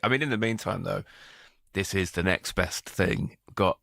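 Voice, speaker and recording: A man's voice: sits low, normal speed, creaky, bright, forceful tone, no echo. A man co-hosting a podcast, chatting casually with dry, self-deprecating humour. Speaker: podcast co-host. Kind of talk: relaxed casual chat.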